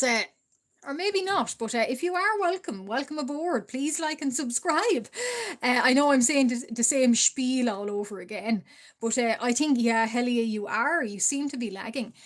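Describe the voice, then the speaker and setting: A woman with an Irish accent chatting hesitantly with her livestream viewers while she draws, with many fillers and frequent small laughs. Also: high-pitched. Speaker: art livestreamer. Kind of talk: casual livestream chat while drawing.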